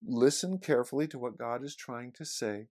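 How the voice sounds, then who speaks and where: A man's voice: medium pitch, animated, normal speed, a little mellow. A middle-aged man, preaching a sermon in a conversational, storytelling way. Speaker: pastor.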